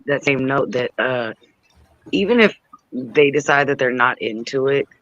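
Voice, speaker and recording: A man on a live stream video call, speaking in a measured, earnest way with occasional fillers. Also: medium pitch, animated, a bit bright, no echo, lo-fi sound. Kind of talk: casual live stream chat.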